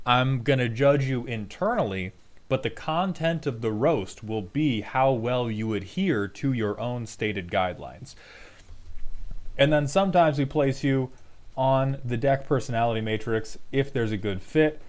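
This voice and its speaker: A man's voice: medium pitch, animated, unhurried. Sarcastic man hosting a stream. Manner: sarcastic, profane, mock-scolding. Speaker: streamer host roasting viewer decks. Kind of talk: casual livestream banter.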